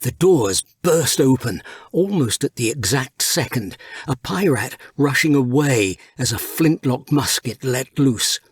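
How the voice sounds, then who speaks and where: A man narrating an adventure audiobook, reading in a lively, unhurried scripted storybook style. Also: mid-range voice, slightly rough, no echo, studio quality.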